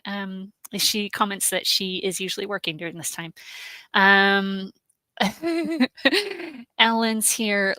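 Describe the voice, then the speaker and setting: A woman hosting a live stream, chatting warmly and greeting viewers by name, with many "um"s, emotional and close to tears. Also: mid-range voice, clear, resonant tone, no room sound. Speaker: host, genealogy research specialist.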